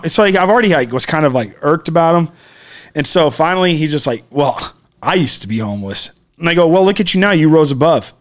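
A man telling a story in casual chat, profane and ranting, acting out what people said. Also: fairly high pitch. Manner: profane, ranting, acts out quotes.

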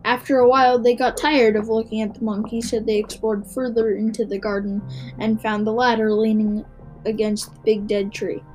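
A woman reads a children's book aloud in a fairly high voice, shaping the sentences with expression. Now and then she trips on a word and starts it again. Soft music plays faintly behind her. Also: moderate pace, poor audio. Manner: expressive, with small stumbles and restarts. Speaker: narrator.

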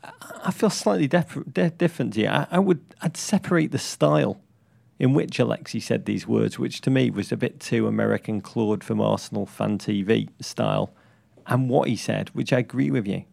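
A man co-hosting a casual sports chat, with a wry, deadpan delivery. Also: mid-range voice, moderate pace, gravelly, no echo. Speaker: podcast co-host.

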